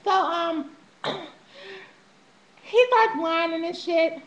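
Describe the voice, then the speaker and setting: A young woman speaks straight to camera, recounting her own past in a loose, profane vlog style. Her voice sits very high and sounds bright and sharp. She laughs often and slips into animated impressions of the people in her story. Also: very slow, dull audio. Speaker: vlogger telling her life story.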